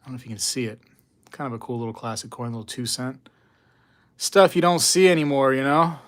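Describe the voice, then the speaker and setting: A man's voice: mid-range voice, brisk. Chatty man hosting a casual livestream. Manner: chatty, reads and answers chat, laughs often; animated storytelling. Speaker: coin collecting livestream host. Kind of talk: casual live-stream chat with viewers.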